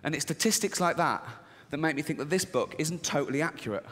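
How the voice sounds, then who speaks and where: Animated stand-up comic man in a hall. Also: fast. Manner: deadpan, swearing, acts out high squeaky voices. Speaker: stand-up comedian. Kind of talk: stand-up comedy. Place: large theater with audience. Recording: live theater, audience laughter.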